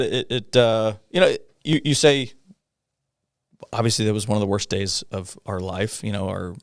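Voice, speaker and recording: A middle-aged man speaks in a lowish voice, close and dry with no room sound. He talks in a halting, conversational way, stopping often on fillers. Now and then he breaks into a rueful laugh as he tells a personal story to an interviewer. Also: fairly even intonation, no room sound. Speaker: guest, police officer.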